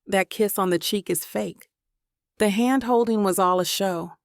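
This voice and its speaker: A woman's voice: medium pitch, unhurried, gravelly, no echo, studio quality. A woman narrating a first-person romance audiobook in an introspective, emotional inner-monologue manner.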